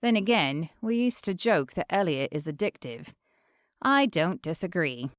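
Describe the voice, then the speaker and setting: A woman's voice: fairly low pitch, animated, measured pace, no room sound, studio quality. A woman doing a gossipy male friend. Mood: confiding.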